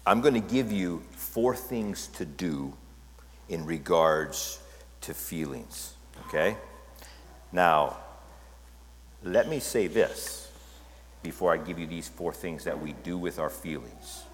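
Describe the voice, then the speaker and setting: Low-voiced male pastor in a reverberant hall. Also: lively intonation, takes it slowly, long pauses, slight background noise. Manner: conversational, checks in with listeners. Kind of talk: sermon.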